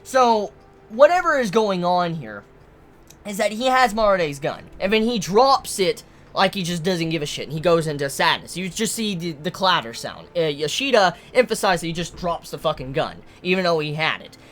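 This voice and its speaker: Woman, manga reviewer. Animated, expressive delivery, swears freely, stumbles and restarts. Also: lowish voice, normal speed, soft background music. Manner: excited, swears a lot, stumbles on words. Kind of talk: casual commentary.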